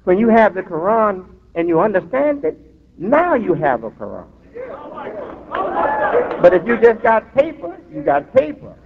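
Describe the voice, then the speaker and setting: This imam preaches in a high, creaky voice with big pitch swings, emphatic and drawn-out, stopping for asides. A crowd is audible behind the tinny recording, made in a reverberant hall.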